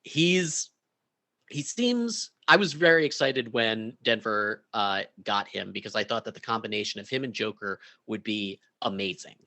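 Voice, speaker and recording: Male podcast co-host, mid pitch, bright tone, relaxed and opinionated, casual delivery. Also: normal speed. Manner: relaxed and opinionated, drops to a quieter aside voice. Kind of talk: casual fantasy sports chat.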